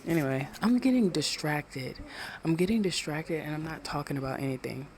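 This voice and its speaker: Low-key rambling late-night podcast host. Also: animated, fairly quick, slight background noise. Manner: talking low and rambling, swears freely. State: winding down. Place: own home at night. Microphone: small handheld USB microphone.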